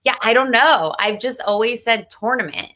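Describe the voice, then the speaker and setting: Female New Jersey comedian guest, bright crisp tone, upbeat and casual. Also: fairly high pitch. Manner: upbeat, swears casually, quick storytelling. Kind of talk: casual comedy podcast chat.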